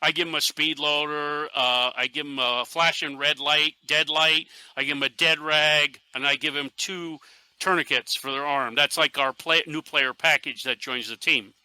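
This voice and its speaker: Middle-aged guy from northeast pennsylvania telling stories on a podcast, real bright voice, kinda high, dry close mic. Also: normal speed, clean tone, no room sound. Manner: animated storyteller, acts out quotes with laughs. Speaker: podcast guest, airsoft team leader. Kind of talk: casual podcast chat.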